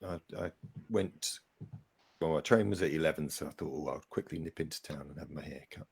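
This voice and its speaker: Deep gravelly man, lively. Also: fairly quick. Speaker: guest. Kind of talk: casual chat.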